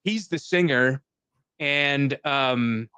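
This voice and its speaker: A man hosting a podcast in casual chat, telling an animated story and swearing freely. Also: mid-range voice, very slow, clean tone, dry recording. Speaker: podcast host.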